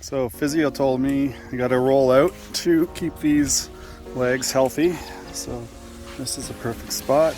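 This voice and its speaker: A man's voice: mid-range voice, fairly even intonation, a little slow, darkish tone, faint music behind. A man in his thirties, a solo hiker, chatting casually with ums and uhs as he walks a mountain trail outdoors, speaking into a handheld camera. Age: 30s. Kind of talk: casual outdoor vlog narration.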